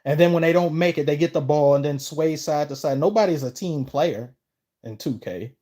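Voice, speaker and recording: A man chatting on a live stream, reading viewers' messages aloud and answering them off the cuff. He rambles and trails off mid-thought, then starts his sentences over. His voice springs upward whenever he gets excited. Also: normal speed. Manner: lively, pitch jumps up when excited. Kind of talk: casual live-stream chat.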